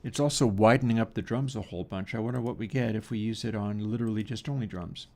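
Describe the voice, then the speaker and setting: A man hosting a casual livestream, musing out loud and joking at himself while he mixes audio. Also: fairly low pitch, fast talker, creaky, soft background music. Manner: musing, self-deprecating, chuckling asides. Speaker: stream host.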